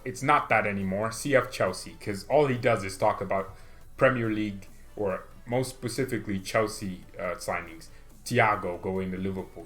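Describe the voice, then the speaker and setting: A man hosting a football fan channel, talking in a rambling, excitable vlog style full of rhetorical questions. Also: medium pitch. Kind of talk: casual vlog commentary.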